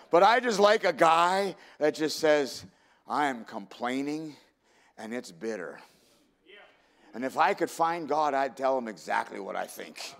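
A man preaches with an earnest, heartfelt delivery. His voice sits fairly high for a man, and he talks to his congregation the way a pastor does in a sermon. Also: lively intonation, unhurried.

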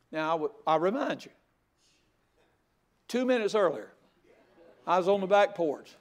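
An older man preaching a sermon, telling a folksy story with loud outbursts. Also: high voice, expressive, moderate pace, long pauses. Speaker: pastor.

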